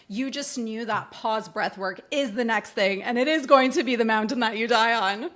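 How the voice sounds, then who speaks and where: Higher-voiced, effusive woman podcast host. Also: moderate pace, a bit bright. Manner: effusive, supportive interjections. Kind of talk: casual interview chat.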